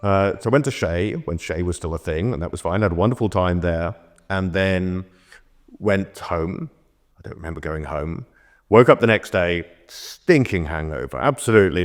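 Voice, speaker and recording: Deep-voiced middle-aged bartender spinning anecdotes. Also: male voice. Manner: rambling anecdotal storytelling. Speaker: bartender guest. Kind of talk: casual conversation.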